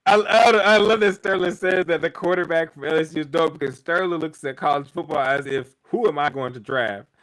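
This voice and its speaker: A man's voice: fairly high pitch, a little fast, hardly any pauses, fairly bright tone, low-quality recording. A man co-hosting a sports podcast, arguing his point emphatically in a casual debate, repeating himself for effect and swearing freely. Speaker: podcast co-host.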